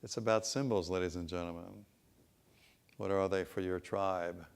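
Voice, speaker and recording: A man's voice: deep voice, fairly even intonation, moderate pace, vocal fry, clear, resonant tone. A man, a business consultant, giving a conference presentation in a conversational, anecdotal storytelling manner with rhetorical asides.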